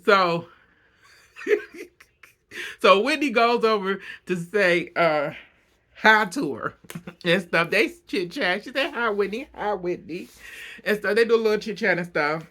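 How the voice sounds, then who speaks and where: A man casually recapping a reality show, gossipy and quick to laugh. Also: high voice, animated, sharp tone. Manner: laughs often, loose and gossipy.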